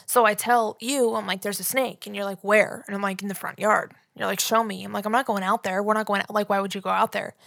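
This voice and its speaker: A young woman co-hosting a casual podcast, chatty and quick to laugh at herself. Her voice sits at an ordinary pitch, close to the mic in a dry, deadened room. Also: fairly even intonation, creaky, a bit bright, dry recording. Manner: storytelling, self-mocking, giggly. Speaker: podcast co-host. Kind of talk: casual chat.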